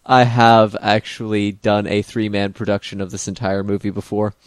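A man's voice: fairly low pitch, little pitch movement, moderate pace, smooth, dry recording. A man co-hosting a casual movie commentary, dry and wry. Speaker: co-host.

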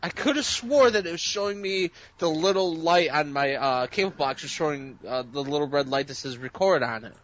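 Higher-voiced man rambling on a dull, lo-fi mic. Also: animated, moderate pace, hardly any pauses, a bit bright. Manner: rambling, profane storytelling. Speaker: podcast co-host. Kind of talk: casual chat about TV shows. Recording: dull lo-fi sound.

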